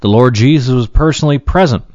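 A man giving an earnest Bible teaching, slowing down to read Scripture aloud and then explaining each verse. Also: medium pitch, darkish tone, no room sound, dull audio. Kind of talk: sermon-style Bible teaching.

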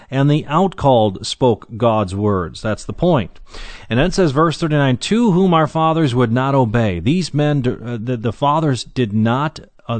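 A man's voice: medium pitch, no room sound. Dry-voiced man teaching the Bible. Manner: reads scripture slowly, then explains with fillers and restarts.

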